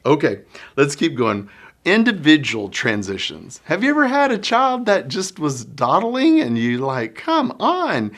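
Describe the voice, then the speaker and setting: A middle-aged man, a children's minister giving a conference workshop talk, folksy and animated as he acts out scenes. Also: fairly high pitch, a little slow. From Oklahoma, US. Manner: folksy sayings.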